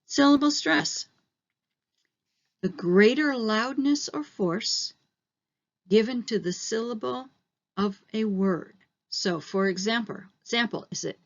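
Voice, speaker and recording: Woman teacher explaining slowly. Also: mid-range voice, dull audio. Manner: explaining step by step, slowing on key terms. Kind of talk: recorded online lesson.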